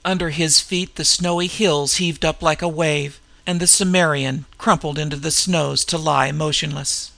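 A man narrating an adventure story in a measured, vivid audiobook style. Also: fairly high pitch, gravelly, sharp tone, no echo.

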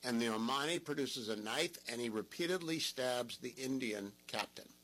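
Bright-voiced emphatic radio host man. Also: mid-range voice, expressive, normal speed, poor audio. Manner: emphatic, conversational, rhetorical questions. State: groggy from medication. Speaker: radio talk show host. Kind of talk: opinionated talk radio monologue.

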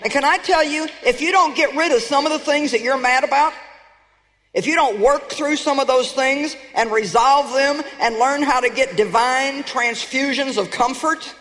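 A woman preaches with emphatic, storytelling fervor, calling out to her congregation and now and then rising to a shout. Her voice rings with the long reverb of a large hall. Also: high-pitched, normal speed. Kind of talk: sermon.

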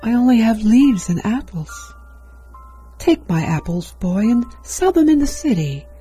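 A woman reading a storybook, voicing a gentle, giving female apple tree in a tender, coaxing way. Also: fairly high pitch, big pitch swings, unhurried, husky, faint music behind, full character voice. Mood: gentle sorry.

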